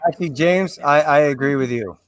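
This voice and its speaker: Brief: joking male guest, slightly high pitch, dry close mic. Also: a little fast, no room sound. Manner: jokey, laughs through his words. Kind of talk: casual chat.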